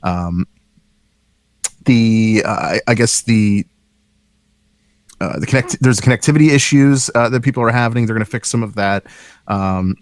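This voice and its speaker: A man's voice: fairly low pitch, moderate pace, long pauses, dry recording. A man co-hosting a casual live-stream chat about games, rambling with lots of "uh" fillers and restarts. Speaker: show co-host.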